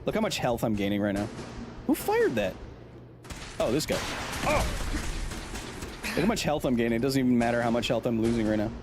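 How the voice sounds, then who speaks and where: A man's voice: mid-range voice, animated, quick pace, long pauses, music in the background. A man doing live gameplay commentary as a science streamer, reacting to the game and reading chat aloud.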